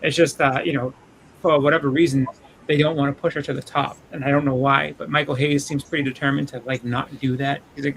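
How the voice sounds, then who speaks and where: A man chatting casually about wrestling, halting and full of restarts. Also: medium pitch, little pitch movement, gravelly, fairly bright tone, a little hiss or hum, poor audio. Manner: halting, many restarts and fillers. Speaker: podcast co-host.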